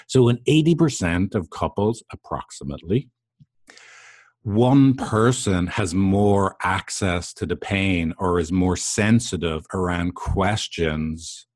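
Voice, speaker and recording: A man's voice: low-pitched, slow pace, a little mellow, no room sound, clean studio sound. A man talking as a couples therapist, explaining in a conversational way and often checking in with the listener. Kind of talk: explanatory talk to camera.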